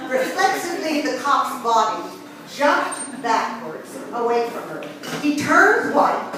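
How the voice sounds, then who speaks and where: A middle-aged woman tells a personal story with dry, wry humor, in a slightly high voice that rises and falls a lot. She takes her time. The voice comes from a distance in an echoing room with steady noise behind. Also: takes it slowly, a crowd in the background.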